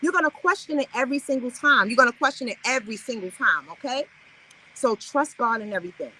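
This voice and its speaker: A woman's voice: on the high side, lively intonation, quick pace, bright, forceful tone, husky, poor audio. A woman hosting a live affirmation stream, giving an upbeat, preachy motivational talk and chatting with her viewers.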